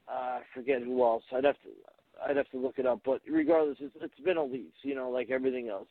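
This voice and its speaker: Man, phone-line call-in guest, gravelly, dry close sound, halting delivery with constant "you know". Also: medium pitch, no echo. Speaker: radio show host, guest on another show. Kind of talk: casual call-in conversation.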